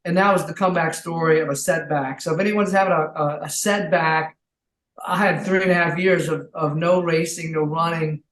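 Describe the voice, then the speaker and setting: A man telling his comeback story as a podcast guest, earnest and full of faith, with bursts of excitement. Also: a little high, moderate pace. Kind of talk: casual interview chat. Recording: roomy echo.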